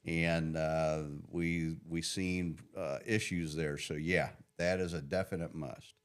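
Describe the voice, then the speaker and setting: A middle-aged man, an engine builder, chatting loudly on a podcast and laughing often as he rambles about his work. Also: deep voice, flat delivery, slow, clean tone. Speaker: engine builder and shop owner. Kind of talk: casual podcast chat.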